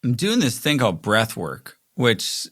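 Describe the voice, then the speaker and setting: A man's voice: medium pitch, huge pitch swings, unhurried, fairly bright tone. A man in his forties, hosting his own show, talking in a rambling, reflective monologue full of "like" fillers. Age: 40s. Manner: rambling, frequent "like" fillers, mimics quoted voices. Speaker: podcast host.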